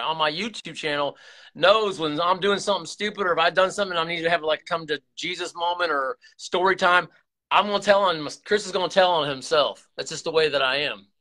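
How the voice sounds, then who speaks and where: Man, confessional vlog talk, bright tense voice, slightly high, rambling restarts. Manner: rambling, earnest, many restarts and repeated words. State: emotional, close to tears. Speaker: YouTube channel host.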